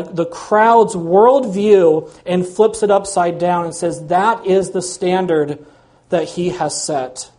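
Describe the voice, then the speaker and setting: A man's voice: high voice, darkish tone. A man preaching a sermon in an earnest, emphatic way. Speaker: pastor.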